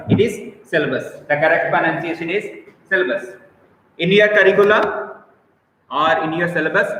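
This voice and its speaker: A male teacher with an Indian English accent lectures on biology in a high, bright voice. He repeats his key points and calls on students by name. The sound is very echoey, with a long reverb tail and a faint room hum behind him. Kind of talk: live online class lecture.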